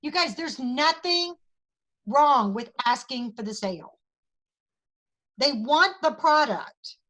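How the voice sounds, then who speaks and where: Woman, Southern US accent, sales trainer, upbeat, high voice. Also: expressive, takes it slowly, a bit bright, low-quality recording. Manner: upbeat, role-plays customer chat with quoted lines. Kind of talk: training talk to a sales team.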